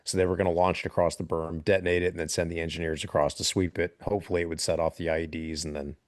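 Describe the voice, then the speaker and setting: A military veteran guest with a very low voice, spinning a story in relaxed podcast chat. He talks in an animated way and breaks into laughter now and then. The sound is dry and close. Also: rapid-fire, dry recording.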